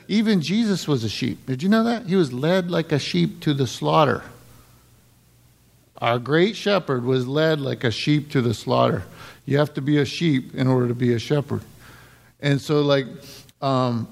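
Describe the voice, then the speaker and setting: Man, middle-aged, pastor, casual sermon, gravelly voice, talks to the congregation. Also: on the high side, normal speed. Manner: conversational, asks the congregation "right?" often.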